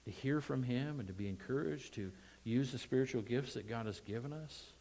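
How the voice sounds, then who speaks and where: A man preaching a Sunday sermon, talking with the congregation more than at it. He asks them questions and then rises into loud, emphatic bursts before settling back down. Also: medium pitch, moderate pace, rough recording. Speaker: pastor.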